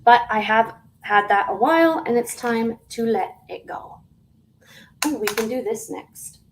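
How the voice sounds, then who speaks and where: A woman selling jewelry on a live stream, chatty and unhurried, dropping to soft half-whispers and breaking into sing-song greetings. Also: on the high side, animated, slight background noise, low-quality recording. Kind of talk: live auction sales stream.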